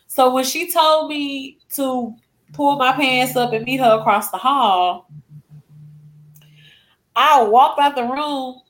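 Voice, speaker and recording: Higher-voiced young woman recounting a loss. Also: slow pace, pauses often. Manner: emotional retelling with acted-out quotes. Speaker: guest. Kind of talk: personal storytelling.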